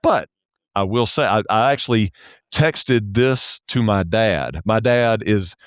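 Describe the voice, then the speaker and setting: A man's voice: on the low side, lively intonation, takes it slowly, clear, resonant tone, dry recording, studio quality. A man with a Southern American accent, a guest on a podcast, talking earnestly and often repeating words as he starts a thought. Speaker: podcast guest, church accounting specialist. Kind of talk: casual interview conversation.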